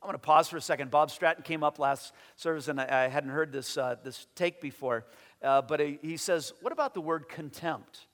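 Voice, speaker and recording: High-voiced pastor preaching in a reverberant hall. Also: male voice, brisk. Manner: animated, acts out voices in quotes, repeats words. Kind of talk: sermon.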